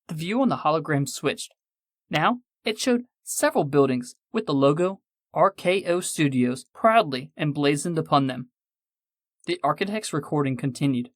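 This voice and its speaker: Measured male audiobook narrator. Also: on the high side, animated, no room sound, clean studio sound. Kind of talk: scripted narration.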